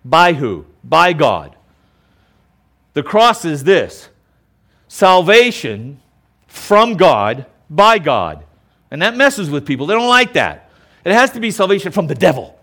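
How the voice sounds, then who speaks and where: A man's voice: on the high side, big pitch swings, measured pace, sharp tone. A male pastor preaching a sermon in an emphatic, conversational way. He often stops to check in with the listeners.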